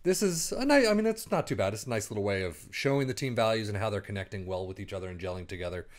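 A man casually commenting on his own football management game as he plays, thinking aloud and breaking into quick play-by-play. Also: lowish voice, expressive. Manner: chatty, rambling, thinks aloud, bursts into play-by-play. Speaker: gaming YouTuber.

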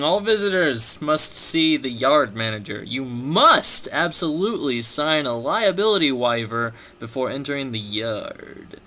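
A man giving joking gameplay commentary while playing, animated and quick to break into shouts and laughter. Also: mid-range voice. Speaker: let's play gamer.

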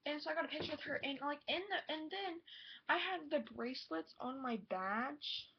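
A teenage girl telling a rambling, excited storytime vlog, gushing and full of "like" and "oh my god". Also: high-pitched, normal speed, vocal fry. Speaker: vlogger. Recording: dull lo-fi home video audio.

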